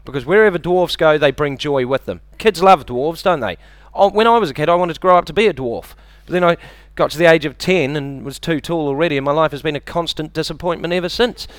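New Zealand stand-up, slightly high smooth voice, dry close mic, deadpan crowd-work. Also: male voice, quick pace, few pauses, no echo. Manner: deadpan, self-deprecating, bantering with the audience. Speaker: stand-up comedian. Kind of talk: stand-up comedy routine. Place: comedy club stage.

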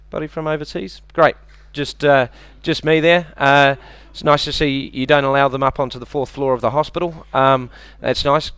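A man with a New Zealand accent doing a deadpan, self-deprecating stand-up set and bantering with the audience on a club stage. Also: mid-range voice, smooth, no room sound. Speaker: stand-up comedian. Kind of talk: stand-up comedy routine.

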